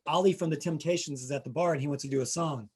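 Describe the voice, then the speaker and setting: A middle-aged man with a fairly high voice hosts a casual podcast. He rambles through his anecdotes and slips into voices for the people in them. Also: fast, a little mellow, slightly rough. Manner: rambling storyteller, acts out quotes with voices. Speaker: podcast host. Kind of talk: casual chat.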